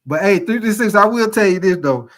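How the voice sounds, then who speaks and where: A man's voice: sits high, animated, a little fast, fairly bright tone. A man hosting a casual sports live stream, chatting loosely, laughing and thanking viewers by name. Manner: laid-back, laughs often, repeats "most definitely, man".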